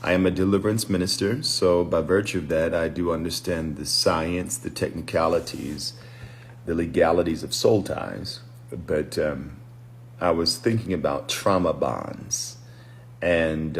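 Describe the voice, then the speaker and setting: A preacher and deliverance minister giving a reflective, unhurried livestream teaching, greeting viewers by name as he goes. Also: very deep voice, a little hiss or hum. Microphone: phone livestream.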